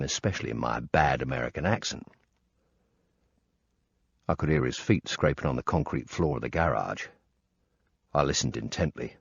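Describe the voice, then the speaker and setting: Deep gravelly male audiobook narrator. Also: no room sound. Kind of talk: first-person thriller narration. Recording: dull lo-fi recording.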